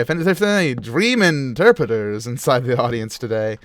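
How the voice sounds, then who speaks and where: A man's voice: mid-range voice, normal speed, hardly any pauses, no room sound, clean studio sound. A young man hosting a gaming show, casually telling a strange dream while he plays, laughing and full of fillers. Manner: animated, laughing storyteller with frequent fillers. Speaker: gaming video host. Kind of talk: casual storytelling while playing a game.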